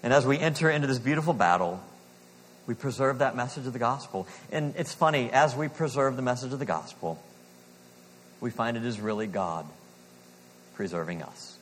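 A man preaching a sermon in earnest, slowing down for emphasis and dropping to a hush on key lines. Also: mid-range voice, in a large hall, slight background noise. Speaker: pastor.

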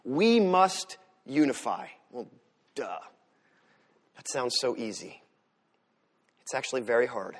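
A man preaching a sermon as pastor, swinging from loud emphatic lines to soft asides. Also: mid-range voice, slow pace, long pauses. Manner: animated preaching, rises loud for emphasis then drops soft.

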